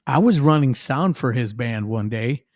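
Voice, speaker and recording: A man's voice: medium pitch, moderate pace, no room sound, clean studio sound. A middle-aged man, a guest musician, telling stories in casual chat and acting out other people's lines in a raised voice. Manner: animated, acts out quotes in a raised voice.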